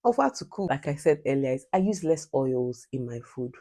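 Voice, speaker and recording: A woman's voice: very deep voice, lively intonation, brisk, dark tone. A Nigerian woman giving direct, emphatic advice in a casual vlog, repeating her points like a preacher. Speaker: vlogger.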